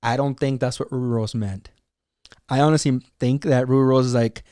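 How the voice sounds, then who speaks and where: A man hosting his own commentary show, talking excitedly and sarcastically, often acting out other people's words in mocking voices. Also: medium pitch, brisk, clean tone, no echo, studio quality. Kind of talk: animated solo commentary.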